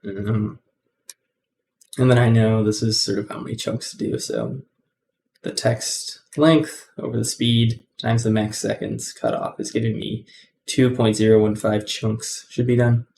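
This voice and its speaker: Man, gravelly voice, casual coding tutorial host, rambling and filler-heavy, faint background hiss. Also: on the low side, little pitch movement, measured pace, a little mellow. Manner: rambling, heavy with ums and self-corrections.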